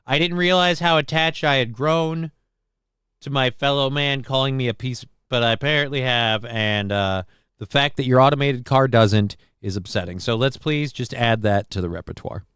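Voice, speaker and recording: A man hosting a live call-in stream, reading out chat comments with dry deadpan humor, rambling and swearing casually. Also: mid-range voice, moderate pace, smooth, no room sound. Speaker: livestream host reading chat.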